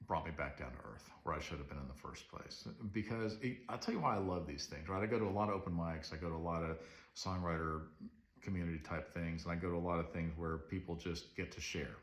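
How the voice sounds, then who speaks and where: A man's voice: sits low, fast talker. A man telling a rambling, earnest story straight to camera in a casual confessional monologue. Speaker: vlogger. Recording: roomy echo.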